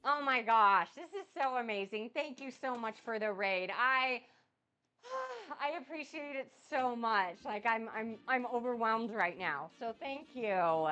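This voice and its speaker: A young woman getting over a cold, chatting excitedly with viewers on her cooking live stream. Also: on the high side, unhurried, few pauses. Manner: bubbly, gushing and excitable. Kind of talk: casual live-stream chat.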